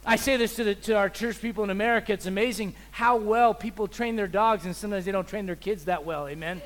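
A visiting preacher, a man giving a sermon in an animated, joking way, acting out little scenes. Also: high-pitched, fast. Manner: animated, joking, acts out voices.

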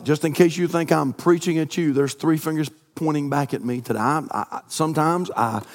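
High-voiced preacher in a reverberant hall. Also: male voice. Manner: swings from loud chanted preaching to quiet storytelling. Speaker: pastor. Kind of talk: sermon.

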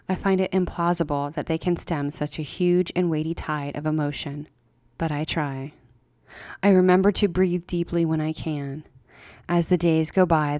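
A woman reading a horror story aloud in a measured way, with slow dramatic pauses. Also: deep voice, dark tone, no room sound, studio quality. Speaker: story reader.

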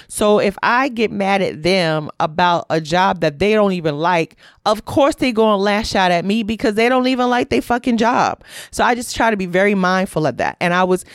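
A woman's voice: mid-range voice, no room sound, clean studio sound. A woman telling a story in a casual monologue, candid and profane, full of "like" and asides. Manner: candid, profane, heavy use of "like".

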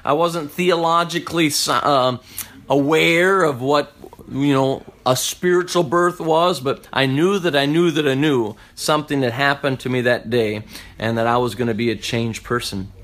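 A man giving a personal conversion testimony in a reflective, unhurried way, often restarting his sentences. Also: medium pitch, fairly even intonation, a bit bright.

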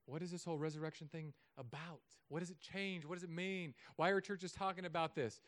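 A man preaching a sermon to a congregation, animated and joking, swinging between loud emphasis and hushed asides. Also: on the high side, a little fast. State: recovering from Achilles surgery. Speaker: pastor.

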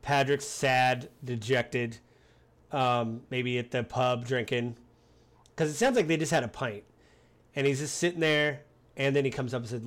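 A man co-hosting a casual film chat, animated and playfully acting out quoted lines. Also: medium pitch, a little slow. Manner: animated, acts out quoted lines in funny voices. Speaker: podcast co-host discussing a film.

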